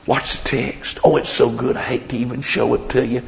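A man preaching a sermon, swinging between loud declarations and hushed whispers. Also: mid-range voice, little pitch movement, fairly quick, vocal fry. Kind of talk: revival sermon. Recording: dull lo-fi recording.

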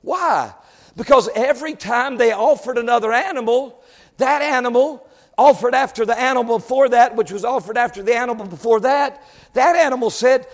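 Impassioned male preacher, high voice, shouts his points, lapel mic in a reverberant church. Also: normal speed. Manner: impassioned, swells into shouted exclamations. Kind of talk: sermon. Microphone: lavalier.

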